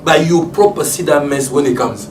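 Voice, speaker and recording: Congolese pastor preaching in an echoey room. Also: male voice, on the high side, moderate pace. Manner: storytelling, acts out family scenes with loud excited shouts and laughter. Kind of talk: sermon. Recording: echoey room, distant mic, faint background hiss.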